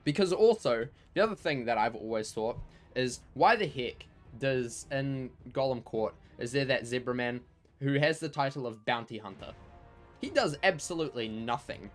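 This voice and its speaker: A male game streamer chats casually on a livestream, rambling and leaning heavily on "like" and "you know." His medium-pitched voice has lively intonation and a moderate pace, with faint music behind him.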